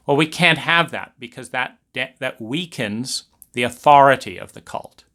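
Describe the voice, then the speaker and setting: A bright-voiced man lecturing animatedly. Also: medium pitch, moderate pace. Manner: animated, acts out family scenes. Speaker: speaker on trauma. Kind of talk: lecture monologue.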